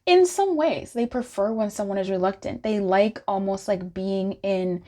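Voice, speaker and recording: A woman's voice: mid-range voice, normal speed, warm tone. A woman giving a casual pick-a-card tarot reading, chatty and giggly, often acting out playful quoted voices. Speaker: tarot reader.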